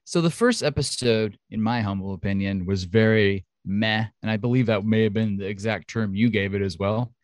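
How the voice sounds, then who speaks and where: A man co-hosting a podcast in casual chat, chatty, excitable and jokey. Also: fairly low pitch, moderate pace, few pauses, dry recording, clean studio sound. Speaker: podcast co-host.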